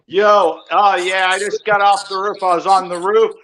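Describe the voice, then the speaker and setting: A man on a casual call, telling a heated story in profane, worked-up bursts with loud shouted quotes. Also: sits high, flat delivery, moderate pace. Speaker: call-in guest.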